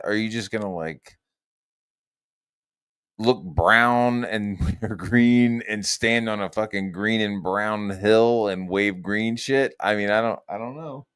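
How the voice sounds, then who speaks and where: A man streaming casual commentary, rambling and profane, swinging between loud rants and low mutters. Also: a little slow, clear, resonant tone.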